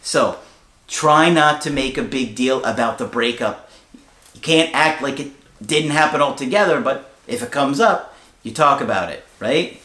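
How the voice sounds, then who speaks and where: Man, relationship coach, casual storytelling, mid-pitched voice, echoey room. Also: animated, unhurried, pushed and bright. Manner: conversational, storytelling with fillers. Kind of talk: casual advice talk to camera. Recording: roomy echo.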